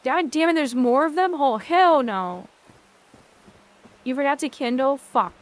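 A woman's voice: high voice, expressive, a little slow. A woman streaming a game, commenting live, talking to her chat and swearing often as things go wrong.

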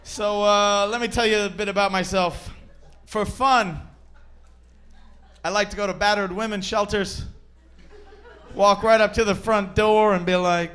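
A man's voice: sits high, steady tone, measured pace, long pauses, a bit bright, some chatter behind. A man performing a stand-up comedy set on a comedy club stage, brash and crude, teasing the audience as he goes.

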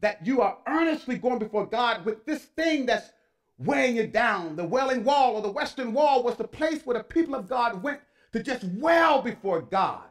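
A man's voice: very high voice, lively intonation, moderate pace. An older man, a pastor, preaching a sermon with rising fervour, stressing his points and urging the congregation to speak to their neighbours.

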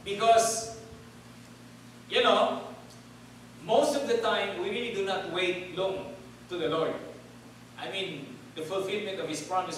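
High-voiced male preacher in an echoey hall. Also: a bit bright, distant mic, slight background noise. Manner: call-and-response, asks congregation to repeat words. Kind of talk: sermon. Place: church hall.

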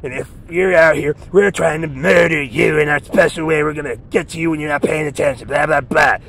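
A man's voice: on the high side, brisk, creaky, fairly bright tone, pitched above the performer's own voice. A man mimicking a menacing stranger who threatens to kill people sleeping in a park, in a raised voice.

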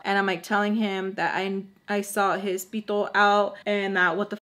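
A young woman vlogger spinning a casual storytime, animated and blunt with plenty of swearing. Her voice sits at an ordinary middle pitch. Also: normal speed, hardly any pauses.

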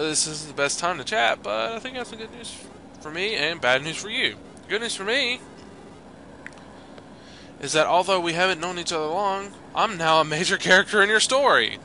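A chatty, cheeky snake from a video game, read out by a man in a near-normal voice. He talks in a jokey, friendly way with a lively, rising and falling pitch. The tone is bright and forceful. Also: normal speed, slight background noise, heavily acted. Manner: jokey, chatty reading with laughs. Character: talkative male rope snake, chummy and cheeky. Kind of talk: reading game dialogue aloud.

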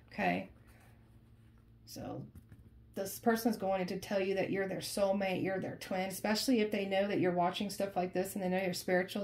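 A woman's voice: mid-range voice, a little mellow. A woman doing a casual tarot reading for viewers, talking in an emphatic, conversational way and often repeating her phrases. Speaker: tarot reader.

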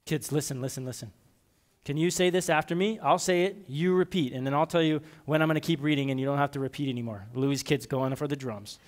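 Man, children's sermon, lively coaxing delivery, higher voice, church sanctuary. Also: fast talker. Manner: lively, coaxing, leading kids in call-and-response. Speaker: pastor leading a children's message. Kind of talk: children's sermon, reading a story aloud.

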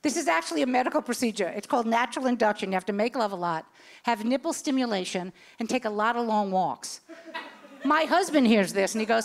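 A woman's voice: a little high, fast talker. A woman in her sixties doing a stand-up comedy set, telling brash stories and acting out the voices in them. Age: 60s. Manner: brash, animated storytelling with acted-out voices.

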